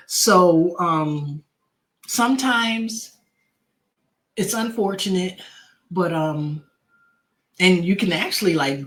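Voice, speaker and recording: Emotional grieving woman sharing her story. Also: fairly low pitch. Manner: heartfelt, repeats words, many fillers. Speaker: podcast host. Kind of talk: personal talk on grief.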